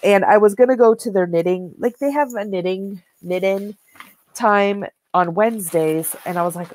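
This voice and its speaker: Chatty low-voiced woman co-hosting a knitting show. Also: normal speed, darkish tone. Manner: rambling and chatty, with many "like"s and "um"s. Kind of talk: casual chat, showing yarn and fabric to the camera.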